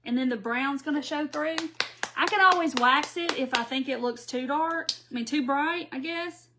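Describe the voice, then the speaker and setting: A woman's voice: high voice, moderate pace, noisy background. Chatty Southern woman from Mississippi. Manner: chatty, reads viewer comments aloud, giggly asides. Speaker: craft live-stream host. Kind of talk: casual crafting live stream.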